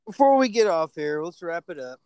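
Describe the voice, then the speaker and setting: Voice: mid-range voice, very animated, a little fast, darkish tone. A laid-back podcast host asking questions in casual chat.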